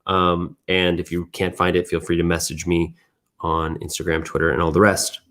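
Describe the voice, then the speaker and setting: A man hosting a weekly community news recap, thinking out loud in a relaxed, casual way. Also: low-pitched, moderate pace. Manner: thinks aloud, restarts and fillers, relaxed.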